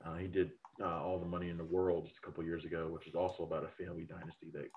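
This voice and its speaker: Male critic, lowish voice over a thin phone-like line; loose, profane, opinionated chat. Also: very fast, a little hiss or hum. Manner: rambling, profane, animated opinions. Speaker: film critic podcast host. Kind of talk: casual review chat.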